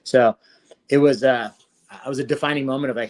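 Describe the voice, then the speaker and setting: A man's voice: mid-range voice, fairly quick. A man in his forties, a podcast guest and former fighter, telling his story in a casual interview with lots of swearing and acted-out quotes. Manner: profane, animated retelling with quoted dialogue.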